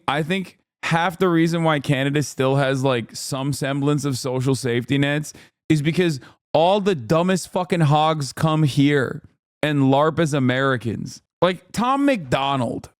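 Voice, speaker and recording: Male streamer, fairly high voice, smooth and dry, sardonic commentary with lots of laughs. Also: normal speed, dry recording. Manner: profane, sardonic, laughs often. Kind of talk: casual reaction commentary.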